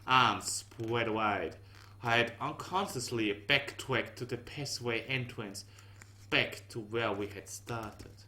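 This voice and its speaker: A man reading a visual novel aloud in slow, measured narration with dry asides. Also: on the low side, pushed and bright. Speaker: game reader.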